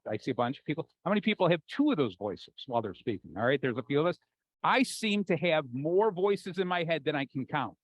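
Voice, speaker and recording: A man with an American accent giving an animated, jokey conference talk, acting out the voices in his head. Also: fairly high pitch, fast talker, no room sound, dull audio. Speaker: keynote speaker. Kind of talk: conference talk to a live audience.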